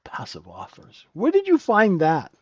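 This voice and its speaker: A man runs a live trading room with unhurried, blunt, joking commentary, constantly checking in with "right?". His voice sits a little high, and the audio is dry and slightly dull, like a lo-fi stream. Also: huge pitch swings, no echo. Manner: casual, joking, keeps asking "right?"; blunt and profane. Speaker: trading room host and mentor.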